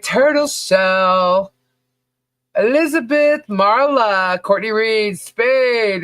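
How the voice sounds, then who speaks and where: A woman co-hosts a podcast livestream, chatting in a loose, joking way, laughing often and reading out viewer names one by one to greet them. Her voice is on the low side, with no echo.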